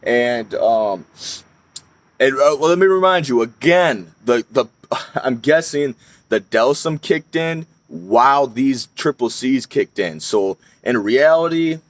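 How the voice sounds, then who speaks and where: A man's voice: mid-range voice, lively intonation, slow pace, no echo. Rambling, profane young man telling a story. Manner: rambling, profane, frequent fillers and restarts. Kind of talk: casual storytime monologue.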